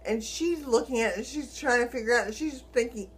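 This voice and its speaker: A middle-aged woman vlogging, telling a personal story in a lively way and acting out the dialogue. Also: a little high, a little fast, husky. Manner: animated, acts out quoted dialogue, chuckles while telling.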